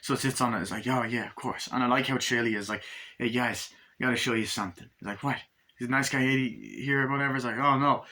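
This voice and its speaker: A man's voice: medium pitch, fast talker. A man giving a casual spoken movie review, rambling through the plot with lots of fillers and swearing. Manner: retells scenes by acting out lines in raised, shouty voices, heavy swearing; rambling, loose, filler-heavy retelling.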